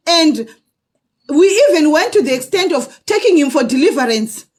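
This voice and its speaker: High-voiced woman giving earnest testimony. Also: sing-song, normal speed, darkish tone. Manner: earnest, often adds "okay?" to check in with viewers. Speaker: vlogger sharing personal experience. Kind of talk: personal testimony to camera.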